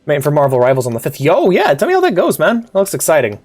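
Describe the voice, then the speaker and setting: A streamer with a cough, chatting casually over live gameplay and shouting at the little on-screen character. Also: medium pitch, fast talker, breathy edge, soft background music. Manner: animated, yelps and shouts at the game character. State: sick, coughing. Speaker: VTuber game streamer.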